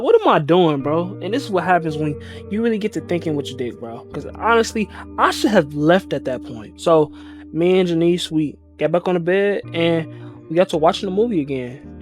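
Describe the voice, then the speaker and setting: A young man telling a personal story in casual slang, acting out the other people in it. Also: fairly high pitch. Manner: animated, slangy, acts out voices.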